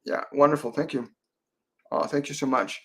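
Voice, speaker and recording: A man hosting a live-stream Q&A as a psychic medium, talking softly and meanderingly with many fillers and restarts. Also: mid-range voice, normal speed. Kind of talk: live-stream Q&A, relaying spirit messages.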